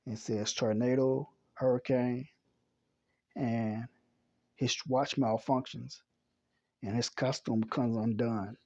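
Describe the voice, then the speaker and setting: A man reading a comic chapter aloud in a plain, unhurried way, correcting himself as he goes. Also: mid-range voice, darkish tone, husky, lo-fi sound. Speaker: comic reader.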